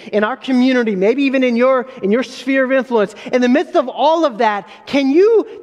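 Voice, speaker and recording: A man with a very high voice preaches a sermon, earnest and emphatic, often restarting his phrases. His words ring out with a long reverb, as in a large hall. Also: a little mellow. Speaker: pastor.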